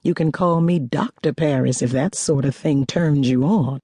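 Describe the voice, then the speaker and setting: A woman's voice: low voice, moderate pace, dark tone, husky, no room sound. Woman voicing a self-assured, teasing woman chemist. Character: confident sharp-witted woman chemist, teasing.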